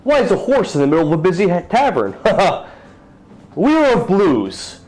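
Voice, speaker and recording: A man's voice: high-pitched, wildly swooping pitch, normal speed, a little mellow, pitched above the performer's own voice, rough recording. A man voicing a pompous, boastful male human knight in a tabletop role-play game, speaking in a grand, self-important way.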